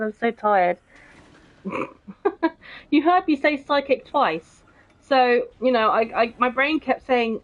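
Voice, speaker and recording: A young gaming streamer speaks slowly in a high-leaning voice with long pauses while reading out viewer comments. She talks casually and bluntly, swears often and says "bro" again and again, over muffled, dull stream audio.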